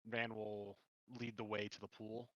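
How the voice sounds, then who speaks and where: A man playing a tabletop game, animated and halting, sometimes speaking in character. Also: fairly low pitch, no echo, muffled recording. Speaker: player. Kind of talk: tabletop role-play chat.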